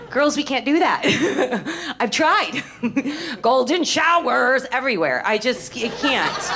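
A woman from Miami doing stand-up comedy, brash and animated, swearing freely on a live stage mic. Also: a little high, slow. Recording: live stage mic with loud crowd laughter.

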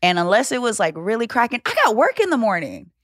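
A woman's voice: fairly high pitch, big pitch swings, quick pace, no room sound, clean studio sound. A woman co-hosting a podcast, telling stories in an easygoing casual chat. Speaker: podcast co-host.

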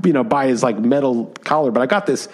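Guy cohosting a podcast, rambly animated storytelling, lots of likes and ums. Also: medium pitch, fast talker, slightly rough. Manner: animated storytelling with many fillers. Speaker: podcast co-host. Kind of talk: casual chat.

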